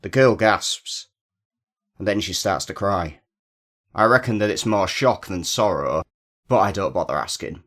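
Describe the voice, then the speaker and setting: A man narrating a first-person crime story in a steady, measured way. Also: low-pitched.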